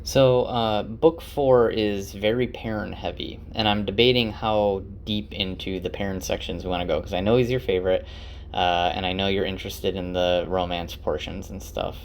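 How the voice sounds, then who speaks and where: A man casually retelling a novel's chapters for his wife, chatty and relaxed, with lots of fillers and restarts. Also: sits low, moderate pace, a little hiss or hum. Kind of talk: casual spoken book recap.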